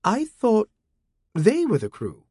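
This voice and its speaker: A man's voice: high voice, huge pitch swings, slow, darkish tone, breathy edge, dry recording, studio quality, voice pushed up, exaggerated voice. A man voicing a bold, stubborn teenage girl in an audiobook, with insistent outbursts.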